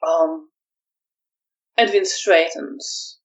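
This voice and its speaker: A woman narrating a tabletop vampire game as storyteller, measured and hesitant. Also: on the low side, a bit bright, distant mic, dull audio.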